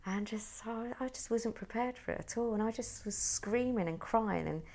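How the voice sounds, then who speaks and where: A woman's voice: on the high side, normal speed, a little mellow. A woman who is a podcast guest, vividly retelling a personal story and acting out the people in it. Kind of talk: personal conversation.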